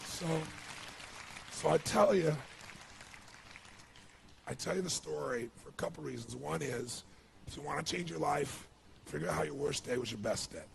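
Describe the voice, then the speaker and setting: A man's voice: fairly high pitch, normal speed, creaky, long pauses, slight background noise. A man giving an earnest, emotional storytelling speech as a motivational speaker, with lots of "you know.".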